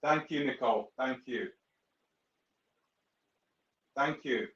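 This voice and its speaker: A man's voice: medium pitch, slow pace, a bit bright. Guy hosting a live stream, casual and apologetic, muffled roomy sound. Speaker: host.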